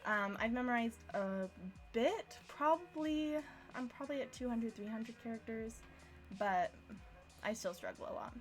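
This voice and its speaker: A young woman with a slightly high voice talks through a casual language lesson, chatty and quick to laugh at her own slips. Faint music plays softly behind her. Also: animated. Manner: chatty, self-deprecating, laughs often. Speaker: language teacher. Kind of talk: casual live-streamed lesson.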